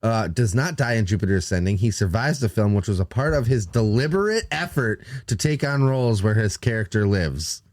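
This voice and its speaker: A man's voice: lowish voice, lively intonation, fairly quick, hardly any pauses, a little mellow, no room sound. A man co-hosting a podcast in casual chat, asking questions and making dry remarks. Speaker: podcast co-host.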